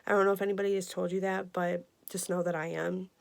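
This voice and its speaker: A woman in her twenties giving an earnest, emotional personal health update, halting with many fillers. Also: lowish voice, little pitch movement, creaky. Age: 20s. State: emotional, near tears. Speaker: vlogger.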